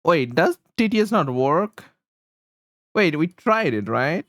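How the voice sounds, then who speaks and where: Slow-talking man chatting on stream. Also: on the high side, very animated, a bit bright, no echo, clean studio sound. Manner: rambling, chuckles often, talks to chat while fiddling with settings. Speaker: livestreamer. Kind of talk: casual livestream chat.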